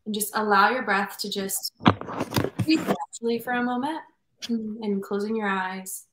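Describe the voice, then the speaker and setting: A woman leading a guided meditation in a soft, slow, soothing voice over a video call. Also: medium pitch, steady tone, roomy sound, very noisy. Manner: soft, slow and soothing, speaks softer as it goes.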